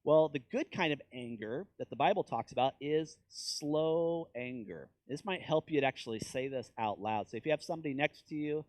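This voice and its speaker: A male pastor from Kansas preaching a sermon in a conversational way, breaking into loud, high emphasis and dropping to low asides, and acting out quoted voices in mocking tones. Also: normal speed, few pauses, dry recording.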